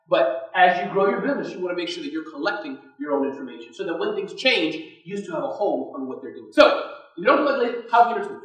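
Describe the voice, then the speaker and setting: Energetic male conference speaker, interactive, recorded from a distance in a roomy hall. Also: high voice. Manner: energetic, keeps quizzing the audience. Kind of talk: motivational business talk. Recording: echoey hall, distant mic.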